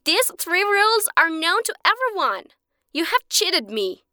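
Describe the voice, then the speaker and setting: A woman's voice: very high-pitched, sing-song, measured pace, sharp tone, dry recording, clean studio sound, voice pushed up, heavily acted. A woman playing a greedy, demanding rich man. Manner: demanding, scornful. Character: greedy rich man, impatient and quick to anger.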